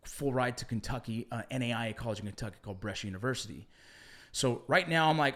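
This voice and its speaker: A middle-aged man telling stories from his past as a podcast guest, swearing a lot and slinging slang in casual, animated talk. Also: medium pitch, very fast. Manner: profane, animated storytelling with slang like bro and dog. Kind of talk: casual storytelling conversation.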